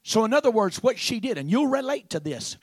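A man preaching with a very high, lively voice that moves from a hush to a shout. His delivery is slow and bright, with amens scattered through it, and the sound is dry and close. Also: dry recording. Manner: dramatic, swinging from hushed to shouting, with repeated amens. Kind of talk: sermon.

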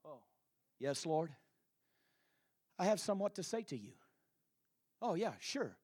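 A man's voice: on the high side, very animated, unhurried, darkish tone, husky, no room sound, clean studio sound, voice pushed down, exaggerated voice. A man preaching a sermon voices Simon, a host who stammers hesitant, evasive answers. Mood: flustered.

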